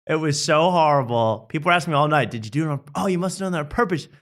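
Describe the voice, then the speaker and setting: Animated man telling a funny story. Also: a little high, very fast. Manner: animated, self-mocking, acts out quotes. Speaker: host. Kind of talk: casual comedic storytelling.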